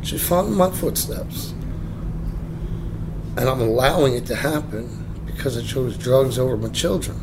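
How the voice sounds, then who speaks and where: A man in recovery from addiction, speaking slowly and haltingly, audibly emotional as he gives a candid personal account. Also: mid-range voice, noisy background. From New Jersey. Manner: halting, slow, pausing often with ums. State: emotional, voice close to breaking.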